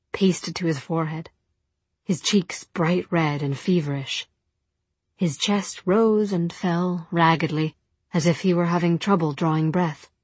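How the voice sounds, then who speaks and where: A woman narrating an audiobook in a soft, measured storytelling manner. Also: on the low side, slightly rough, no echo. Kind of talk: audiobook reading.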